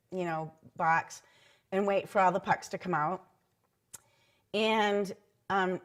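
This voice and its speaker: A middle-aged woman, a former team mascot, recounting mishaps in a chatty oral history interview with frequent ums and likes. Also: mid-range voice. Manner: chatty anecdotal telling with many ums and likes.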